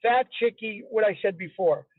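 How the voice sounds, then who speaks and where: A man's voice: high voice, normal speed, no echo. A man as an interview guest, telling a story in a chatty, casual way and repeating himself for emphasis. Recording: tinny phone-line sound, dry.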